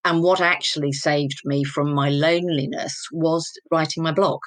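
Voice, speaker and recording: A deep, steady-toned woman from England, in her fifties, speaks at a moderate pace as an interview guest, sharing personal stories openly and thoughtfully. The recording has no echo.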